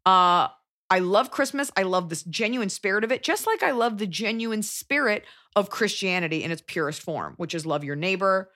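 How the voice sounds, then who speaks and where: A woman's voice: mid-range voice, expressive, bright, forceful tone. A woman hosting a podcast, giving blunt, profane advice in casual chat. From Dallas, Texas. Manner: blunt, profane, rapid opinionated riffing.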